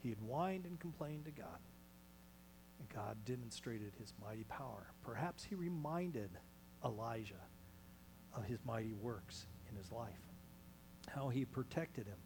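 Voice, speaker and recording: A male pastor delivers a sermon in a small church, his mid-pitched voice rising to loud calls and then dropping to hushed, almost whispered lines. A faint electrical hum sits underneath the recording. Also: lively intonation, a little slow.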